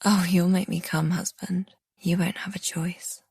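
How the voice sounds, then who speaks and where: A woman voicing a breathy, whispering seductive wife. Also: on the low side, little pitch movement, measured pace, a little mellow, no room sound, studio quality, exaggerated voice. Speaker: duet audiobook narrator. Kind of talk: audiobook dialogue reading.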